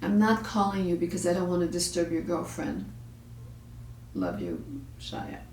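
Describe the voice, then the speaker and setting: A woman's voice: fairly low pitch, big pitch swings, moderate pace, darkish tone, a little hiss or hum. Blunt profane woman telling a story. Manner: blunt, profane, acts out quoted voices. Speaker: parenting show host. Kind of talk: storytelling advice talk. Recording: echoey room, far from the mic.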